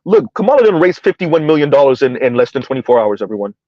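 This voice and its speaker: A man hosting a reaction commentary, mocking his targets with repeated rhetorical questions and drawn-out words, speaking. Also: medium pitch, big pitch swings, dry recording, dull audio. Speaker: commentary video host.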